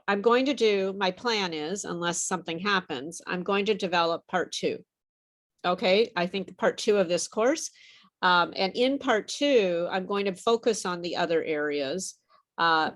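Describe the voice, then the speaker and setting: A woman's voice: fairly low pitch, fairly bright tone. A woman teaching English pronunciation, encouraging and patient, explaining with frequent fillers. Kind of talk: online pronunciation lesson.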